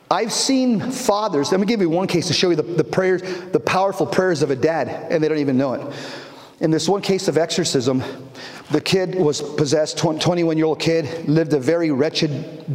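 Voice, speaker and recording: A fairly high-voiced male preacher tells a story in an animated, stop-start way. His voice rings through a big hall with a long reverb. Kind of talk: storytelling sermon.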